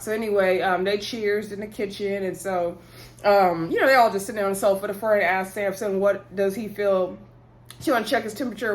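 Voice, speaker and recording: Woman, casual show recap, chatty and animated, middle pitch. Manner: chatty, animated retelling with quoted voices and laughs. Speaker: reality show reviewer.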